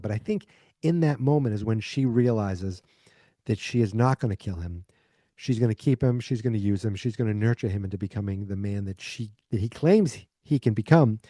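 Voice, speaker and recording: A man's voice: medium pitch, mellow, no room sound, studio quality. A man hosting a podcast, casually recapping an episode in a rambling way full of fillers. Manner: rambling, filler-heavy retelling. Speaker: podcast host.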